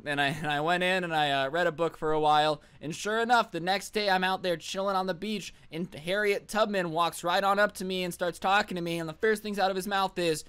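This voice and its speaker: A man's voice: high voice, brisk, few pauses, fairly bright tone, smooth. A man telling a funny personal story to his vlog audience, sarcastic and mocking, rambling from one joke to the next. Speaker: storytime vlogger. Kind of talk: comedic storytime monologue.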